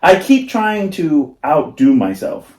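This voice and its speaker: Male podcast co-host, lively pitch swings, chatty and giggly, roomy echo on the recording. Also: slow. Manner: rambling, laughing storyteller with many fillers. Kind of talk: casual chat. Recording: echoey room.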